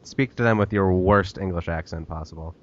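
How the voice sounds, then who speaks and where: Young male podcast co-host, fairly low voice, jokey. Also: a little fast, lo-fi sound, a little hiss or hum. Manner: joking, plugs the show. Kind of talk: casual podcast chat.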